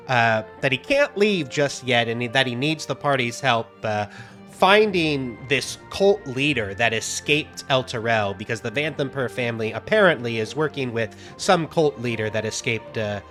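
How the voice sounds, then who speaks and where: A man running a tabletop game as game master, talking in a halting way with many fillers as he narrates scenes to his players. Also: mid-range voice, a bit bright. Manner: halting, many fillers while reading out descriptions.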